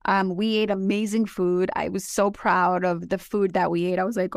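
A woman in her forties, born in Colombia, telling animated and emotional stories as a podcast co-host. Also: medium pitch, moderate pace, no room sound, clean studio sound. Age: 40s. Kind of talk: casual chat.

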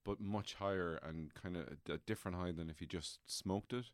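A man's voice: sits low, fairly quick, no echo, studio quality. A man chatting casually on a podcast, telling rambling anecdotes broken up by laughter.

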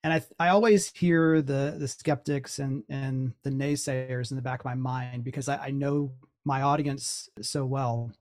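A man's voice: medium pitch, steady tone, normal speed, hardly any pauses, darkish tone, no room sound. A man talks freely as a podcast guest, often repeating words as his thoughts form. His mid-range voice is captured close and dry. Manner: talkative, repeats words while thinking. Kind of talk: casual interview talk.

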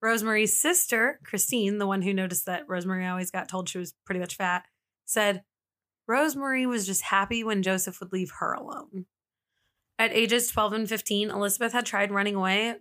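A woman with a mid-range, fairly bright voice hosts a podcast, telling a true-crime story. She's chatty and casual, laughs easily, and uses "like" constantly.

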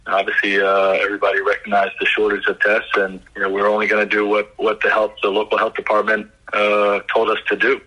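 A man answering press questions as a basketball coach, halting and measured, with lots of fillers. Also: fairly low pitch, completely flat delivery, sharp tone, slightly rough, rough recording. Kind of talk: press conference call answers.

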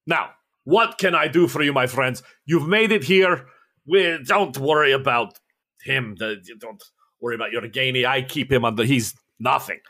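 A man's voice: medium pitch, moderate pace, bright, forceful tone. A man voicing a boisterous Russian male officer with a Russian accent, jovial and grandiose.

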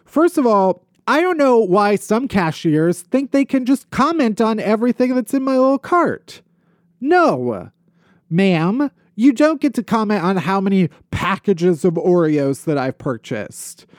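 A man co-hosting a podcast, venting about daily irritations with comic exasperation. His pitch leaps around expressively. The sound is dry and close, with no room echo. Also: measured pace. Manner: animated ranting complaints. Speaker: podcast co-host. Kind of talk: comedic casual chat. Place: podcast studio.

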